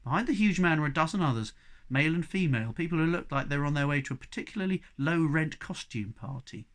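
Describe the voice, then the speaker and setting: Man giving a measured audiobook reading. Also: a little high. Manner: measured, expressive storytelling. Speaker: reader. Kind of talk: audiobook narration.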